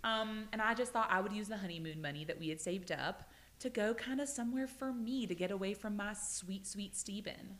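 A woman with a bright, forceful voice improvises a comedy scene as a client. She talks in an earnest, rambling way, with a lot of detail. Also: medium pitch, a little fast. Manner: earnest, rambling, breaks into mock tears. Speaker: guest playing a widowed client. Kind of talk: improvised comedy role-play.

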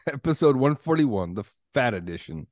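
A man's voice: mid-range voice, sing-song, moderate pace, darkish tone, no echo, studio quality. A man hosting a podcast, bantering in a teasing, profane way and laughing often. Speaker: podcast host.

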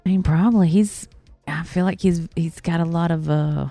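A woman co-hosting a comedy talk stream, trading irreverent jokes in a dry, deadpan way. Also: on the low side, normal speed, vocal fry, no echo, soft background music. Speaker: co-host. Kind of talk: casual comedic banter.

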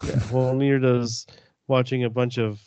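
A man's voice: medium pitch, level tone, normal speed, darkish tone, no echo. A man co-hosting a casual podcast chat, joking and playfully argumentative. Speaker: podcast co-host. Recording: dull dry sound.

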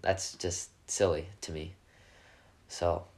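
A teenage boy, a high school quarterback, answering interview questions in an earnest, upbeat way. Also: takes it slowly. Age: teens. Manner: earnest and upbeat, gets animated. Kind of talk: casual interview chat.

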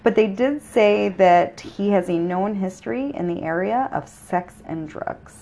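A woman's voice: medium pitch, measured pace, creaky. Profane, joking woman co-host. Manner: profane, joking, animated storytelling. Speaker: podcast co-host. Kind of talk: casual true-crime chat.

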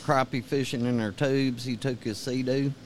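A man's voice: medium pitch, steady tone, normal speed, slight background noise. A man telling a fishing story in a laid-back podcast chat. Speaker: podcast guest. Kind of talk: casual chat.

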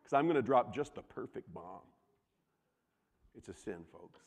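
A young adult man preaching a sermon, telling stories with animated swings from loud outbursts to hushed asides, in a church. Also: lowish voice, normal speed, long pauses. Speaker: pastor. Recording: long hall reverb.

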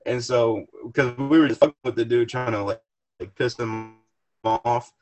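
Young man, podcast guest, casual profane storytelling, mid-pitched voice. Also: steady tone, moderate pace, a little mellow, faint music behind. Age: young adult. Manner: rambling, profane, restarts often.

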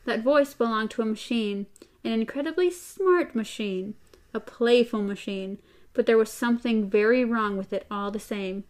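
A woman reads a novel aloud, her voice pitched a bit high. She slips easily into animated, chatty asides between passages. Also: normal speed. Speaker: co-host reading a novel aloud. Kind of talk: book reading with casual chat.

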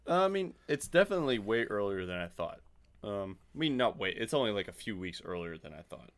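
Animated low-voiced man chatting. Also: a little fast. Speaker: podcast co-host. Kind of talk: casual chat.

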